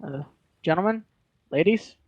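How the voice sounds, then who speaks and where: A man's voice: high voice, expressive, unhurried, dry recording, muffled recording. A man voicing a stern noble knight who heads a great house, speaking in a curt, commanding way.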